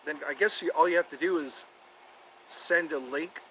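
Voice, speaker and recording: A man's voice: on the high side, moderate pace, pushed and bright, a little hiss or hum, poor audio. A man hosting a casual solo livestream from outdoors near his home, rambling and repeating himself as he thinks aloud. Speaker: livestream host.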